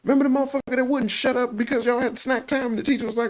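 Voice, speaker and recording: A man's voice: very high-pitched, racing, few pauses. A man with a Chicago accent giving profane reaction commentary, laughing often as he rants. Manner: animated, laughs often, heavy swearing. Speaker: YouTube commentator.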